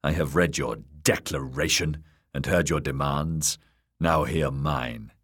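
A man voicing a smooth, scheming male lord protector who speaks in a cold, measured, commanding way. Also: a bass voice, fairly even intonation, fairly bright tone, exaggerated voice. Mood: cold, angry. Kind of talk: audiobook character voice.

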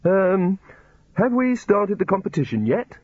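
Man doing a nervous male wizard, high pleading voice, storybook, husky, dull dry sound. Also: big pitch swings, measured pace, a little mellow, dry recording, full character voice. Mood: timid.

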